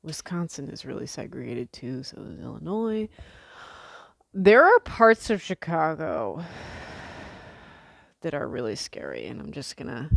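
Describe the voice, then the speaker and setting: A woman's voice: extremely low pitch, vocal fry, dry recording. A young woman from the Midwest chatting casually to camera as a vlogger, rambling with lots of fillers and the odd swear word.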